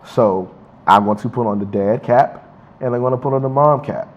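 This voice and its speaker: A man's voice: medium pitch, moderate pace. A young man talking in a casual interview, heartfelt and emphatic, often repeating his words. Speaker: interviewee, university student. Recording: dull lo-fi recording with faint noise.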